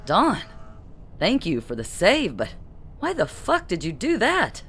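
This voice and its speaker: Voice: mid-range voice, huge pitch swings, measured pace, fairly bright tone, husky, voice pushed up, heavily acted. An audiobook narrator voicing a flustered male suburban everyman in his forties, pleading and scrambling. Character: fortyish suburban everyman husband.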